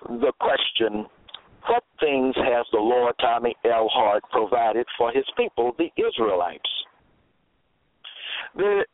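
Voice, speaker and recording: A man's voice: mid-range voice, no room sound. A man preaching a radio-style sermon, teaching in a didactic way and asking the listener rhetorical questions. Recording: tinny phone-line sound, dry.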